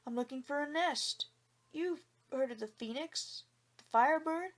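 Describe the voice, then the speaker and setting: A woman voicing a poor, clever young man who tricks a farmer with polite, calm words in a storybook reading. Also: high voice, measured pace. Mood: sly polite.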